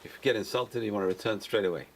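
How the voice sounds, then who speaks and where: Brisk, repetitive rabbi teaching a class. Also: male voice, fairly low pitch. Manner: repeats key phrases for emphasis, animated. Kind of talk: lecture-style Torah class.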